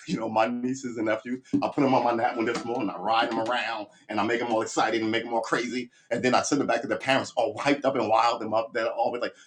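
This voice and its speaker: Give me a man of average pitch giving a loose, blunt monologue on a live stream. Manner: rambling and blunt, with frequent restarts and profanity. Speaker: livestream host. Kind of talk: casual opinion monologue.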